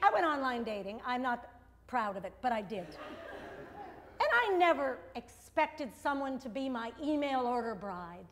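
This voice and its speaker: A middle-aged woman with a high, bright voice delivers a stand-up routine in a wry, self-mocking way, landing punchlines and flaring into exasperated outbursts. A faint hiss of noise sits under the recording. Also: sing-song, normal speed. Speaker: stand-up comedian.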